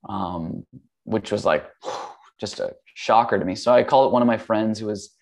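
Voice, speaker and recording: A man in his forties, a guest in casual conversation, telling stories in a relaxed, rambling way full of fillers and restarts. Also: on the low side, normal speed, vocal fry. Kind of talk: casual storytelling.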